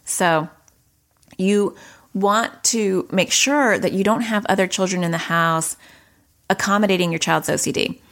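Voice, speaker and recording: A woman from New York hosting an educational podcast, explaining points in a direct way with quick asides. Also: medium pitch, fairly bright tone. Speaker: podcast host.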